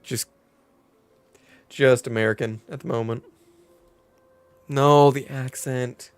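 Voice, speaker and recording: A man's voice: mid-range voice, fairly even intonation, slow, smooth, dry recording, soft background music. Male streamer, casual and self-teasing, mid-range voice, dry close sound. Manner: chatty, self-teasing, talks to viewers. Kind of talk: casual gameplay commentary.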